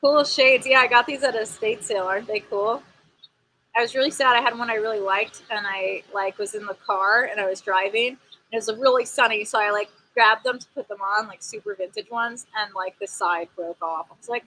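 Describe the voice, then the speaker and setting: A woman's voice: fairly high pitch, moderate pace, bright, forceful tone, slight background noise, poor audio. A young woman who acts, chatting casually on a live stream and reading aloud outdoors by a pool, with many "like" fillers. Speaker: actor and live-stream host.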